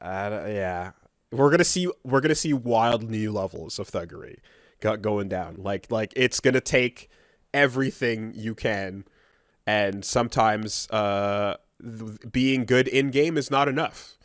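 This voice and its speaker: A man's voice: fairly low pitch, a little slow, no room sound, studio quality. A man co-hosting a podcast in casual banter, laid-back and rambling, swearing freely. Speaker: podcast co-host.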